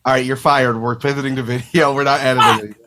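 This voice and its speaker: A man hosts a podcast at a middling pitch, rambling his way through the setup. He cracks jokes and swears freely in loose, casual chat. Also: fairly even intonation, quick pace, very noisy. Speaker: podcast host. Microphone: remote call microphone.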